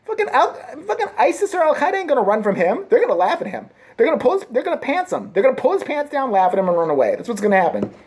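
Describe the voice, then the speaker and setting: A woman's voice: a little high, big pitch swings, very fast, hardly any pauses, a little mellow, slightly rough. A woman vlogger delivering a crude, sarcastic comedic rant. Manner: crude, sarcastic, swings into mocking voices.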